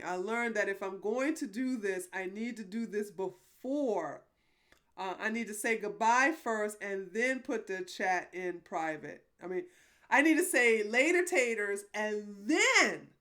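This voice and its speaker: Apologetic chatty woman streamer, bright voice. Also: mid-range voice, lively intonation, measured pace. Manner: apologetic, rambling, laughs often. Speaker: livestream host. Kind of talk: casual live-stream chat.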